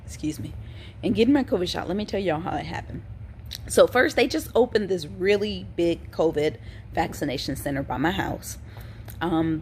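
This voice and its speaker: A worn-out woman with a drawl talks casually to her camera, calling her viewers y'all and sighing between thoughts. Her voice sits fairly low. A faint hiss hangs under the recording. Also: a little mellow. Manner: chatty, informal, addresses viewers as y'all, frequent ums and sighs. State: tired, yawning; recovering from throat illness. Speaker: vlogger.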